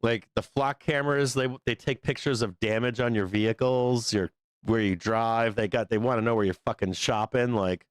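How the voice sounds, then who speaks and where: A man's voice: medium pitch, steady tone, moderate pace, smooth, no echo. Profane, rambling male stream host. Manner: profane, rambling, laughs often. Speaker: livestream host. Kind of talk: casual rant on a live show.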